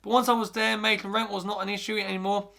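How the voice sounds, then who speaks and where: A man's voice: high voice, flat delivery, fast talker, vocal fry, bright, forceful tone. A man hosting a podcast, reading a scary story aloud in the first person, often stumbling and restarting words. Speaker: podcast host.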